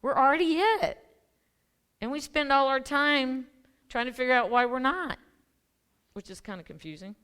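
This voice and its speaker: Chatty woman minister with a smooth voice. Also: sits high, normal speed, pauses often, fairly bright tone. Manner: chatty, laughing asides, many restarts and ums. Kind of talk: casual conversational sermon. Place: church sanctuary.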